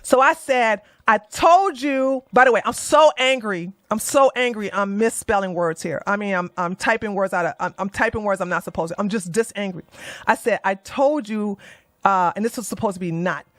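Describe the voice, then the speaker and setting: A woman doing heated livestream commentary, blunt and animated, swearing and mocking as she swings from low muttering to loud outbursts. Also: a little fast, dry recording, clean studio sound. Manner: swears and mocks. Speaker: commentary streamer.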